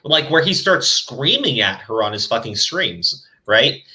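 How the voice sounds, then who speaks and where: Brief: sharp, bright-voiced male host, cuts in often, emphatic and profane. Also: mid-range voice, sing-song, a little slow. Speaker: podcast host. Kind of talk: casual chat.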